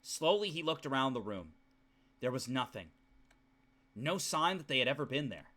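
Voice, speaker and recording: A young male streamer reading game text aloud in a hushed low voice and breaking off into profane rants at his chat. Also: big pitch swings, normal speed.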